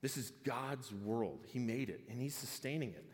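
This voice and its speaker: A man's voice: mid-range voice, lively intonation, normal speed. Dramatic male pastor in a reverberant hall. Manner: dramatic, swinging from loud exclamations to hushed tones. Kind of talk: expository sermon.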